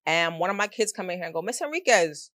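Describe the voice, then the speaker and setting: A woman in her thirties, a middle school math teacher, telling stories in an animated, slangy way during a casual interview. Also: fairly low pitch, fast talker, no room sound, clean studio sound. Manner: animated storyteller, slangy and expressive.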